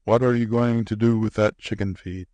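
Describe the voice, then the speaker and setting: Storybook figure: a man playing a gruff, blunt con-man partner, low-pitched. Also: fairly even intonation, normal speed, a little mellow, no echo, lightly acted. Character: blunt red-haired male con-man sidekick.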